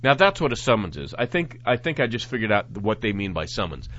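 A man hosting a talk show, reading news reports aloud and commenting on them in a sarcastic, animated way. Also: fairly low pitch, fairly quick. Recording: dull lo-fi audio.

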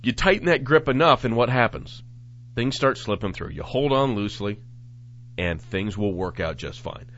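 A man hosting a talk show, reading news reports aloud and commenting on them in a sarcastic, animated way. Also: mid-range voice, normal speed. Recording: dull lo-fi audio.

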